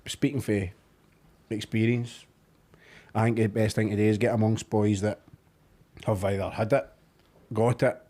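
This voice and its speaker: A man's voice: lowish voice, flat delivery, a little slow, pauses often, mellow. A Scottish man co-hosting a podcast, joking around and then talking earnestly about a charity cause. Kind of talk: casual chat.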